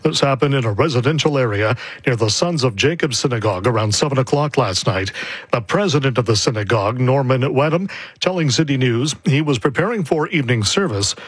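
A man anchoring a radio newscast, reading headlines in a steady, measured way. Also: medium pitch, slightly rough, no echo, low-quality recording. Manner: steady measured news delivery. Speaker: news anchor. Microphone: studio microphone.

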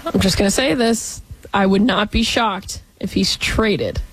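A woman's voice: medium pitch, a little slow, breathy edge, no echo, poor audio. A woman co-hosting a sports talk show, giving blunt opinions on players. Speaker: sports radio co-host.

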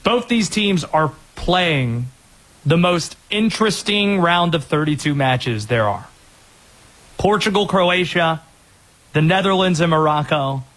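A man hosting a sports talk show, giving energetic, opinionated rundowns of players and teams. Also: a little high, slow pace.

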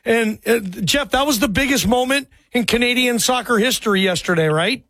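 A man hosting a sports talk radio show, energetic and chummy, full of slang as he takes calls. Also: very high-pitched, normal speed, no echo. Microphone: studio microphone.

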